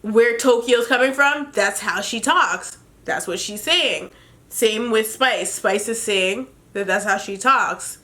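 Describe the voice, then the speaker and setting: A woman's voice: a little high, slow pace, pushed and bright. A young woman from Jamaica casually recapping a reality show, chatty and opinionated, laughing as she retells scenes.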